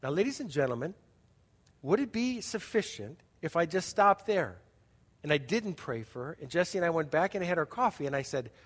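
A man's voice: a little high, big pitch swings, moderate pace. A man preaching a sermon as a pastor, telling a story in a conversational way with asides to the congregation. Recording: long hall reverb.

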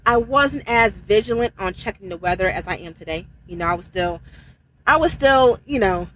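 A woman's voice: medium pitch, a bit bright, slight background noise, poor audio. A woman, a truck driver, telling a personal faith story in casual, emphatic speech with exclamations. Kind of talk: casual spoken testimony.

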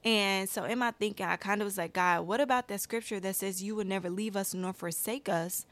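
A woman's voice: mid-range voice, a little fast. A woman giving a personal Bible-study talk, speaking with her hands and reading verses aloud with rising emphasis. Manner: animated, reads scripture aloud with rising emphasis; speaks with her hands and addresses viewers as y'all. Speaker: Christian video creator.

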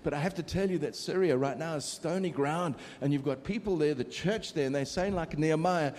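A middle-aged man preaching a sermon with a mellow, rather high voice. He keeps it conversational and teases the congregation now and then. His voice rings out through a large, reverberant hall. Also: animated, a little fast, few pauses.

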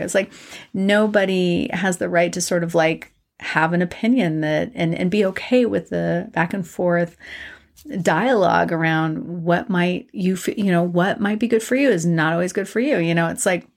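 A woman's voice: lowish voice, normal speed, creaky. A middle-aged woman talking in a loose, rambling way on a spiritual vlog, with lots of fillers. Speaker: spiritual vlogger.

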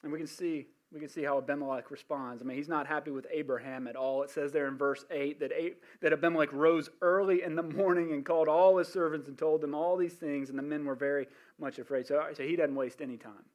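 A male pastor preaching a sermon, telling the story in an animated way with asides and restarts. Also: on the high side, fast talker, hardly any pauses.

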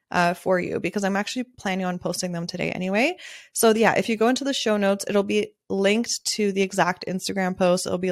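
Woman podcaster, casual solo talk, candid and laughing, mid-pitched voice, close dry mic. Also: no echo. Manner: candid and chatty, laughs often, swears freely. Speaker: podcast host and wedding photographer.

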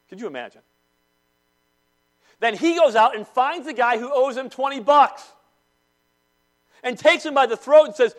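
A man preaching a sermon to a congregation in a church, swinging between loud declarations and hushed intensity. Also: very high-pitched, big pitch swings, moderate pace, long pauses. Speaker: pastor.

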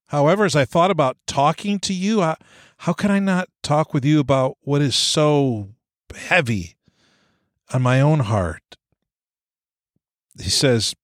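A man's voice: fairly high pitch, unhurried, a bit bright, no echo, clean studio sound. A man speaking as a pastor in an earnest, searching sermon, reading scripture aloud with rising emphasis.

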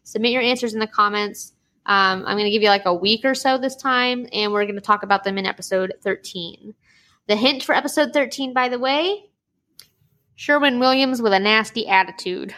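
A woman's voice: medium pitch, normal speed. A woman hosting a podcast in casual chat, chatty and prone to laughing. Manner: chatty, giggly, animated storyteller. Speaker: podcast host.

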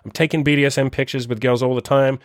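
A man's voice: mid-range voice, flat delivery, quick pace, no room sound, studio quality. A man in his thirties hosting a dating-coach podcast, giving a blunt, profane motivational rant. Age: 30s. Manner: profane, forceful, rambling.

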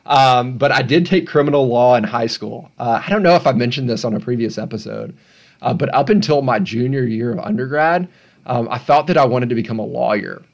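A man's voice: mid-range voice, brisk, vocal fry, muffled recording. A man hosting a solo podcast at home, talking casually with rambling, self-deprecating asides. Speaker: podcast host.

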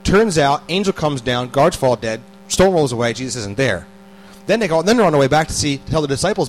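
A man's voice: fairly high pitch, big pitch swings, a little fast, soft background music, poor audio. A man and parent giving a casual, conversational sermon, often repeating words and putting questions to his listeners. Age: adult parent. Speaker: preacher.

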